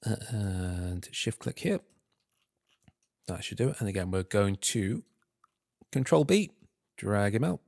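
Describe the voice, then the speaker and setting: A man talking himself through a software tutorial, muttering and humming filler sounds between steps and calling himself an idiot. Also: on the low side, lively intonation, takes it slowly, gravelly, long pauses, dry recording, studio quality. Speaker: tutorial host. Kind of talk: screen-recorded software tutorial.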